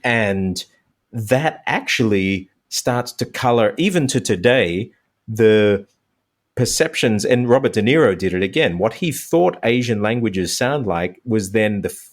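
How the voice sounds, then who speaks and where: Language teacher guy on a podcast, lowish voice, animated and explain-y. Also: measured pace. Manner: animated, explanatory, laughs easily. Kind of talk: conversational explanation.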